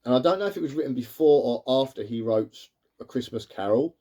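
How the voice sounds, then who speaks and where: A man casually reviewing an old animated film, rambling along with lots of "sort of" and "like". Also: medium pitch, brisk. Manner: rambling, leans on fillers like "sort of" and "like". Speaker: cartoon reviewer.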